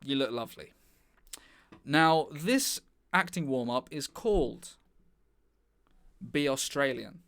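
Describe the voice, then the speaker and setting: A man's voice: medium pitch, expressive, slow, long pauses, a bit bright, clear, resonant tone. A man improvising a pompous, self-important acting coach on a live stream. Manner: mock-authoritative, self-important. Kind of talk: improvised comedy bit. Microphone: webcam mic on a live stream.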